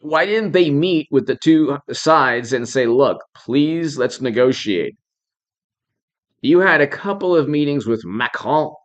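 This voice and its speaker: A man's voice: mid-range voice, lively intonation, slow pace, muffled recording. Man, commentary host, indignant, rhetorical questions, repeats himself, thanks viewers. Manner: thanks viewers by name while talking. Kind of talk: live-stream political commentary.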